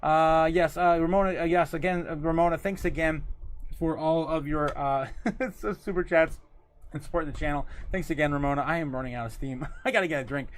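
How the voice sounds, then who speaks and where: A man's voice: a little high, fairly even intonation, a little fast. Chatty, laughing male livestream host. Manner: loose and rambling, reads viewer comments aloud and laughs often. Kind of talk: casual livestream chat.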